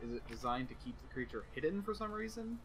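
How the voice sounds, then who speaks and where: Male co-host, inquisitive, crisp bright tone, casual. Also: mid-range voice, very animated, fast talker, low-quality recording. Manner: curious, asks lots of questions. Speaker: guest co-host. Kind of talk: casual chat.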